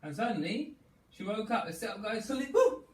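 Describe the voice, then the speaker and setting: Animated man leading a kids' story yoga class. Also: sits high, brisk. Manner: playful, animated, coaxing children along. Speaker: children's yoga instructor. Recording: echoey room, distant mic, faint ambience.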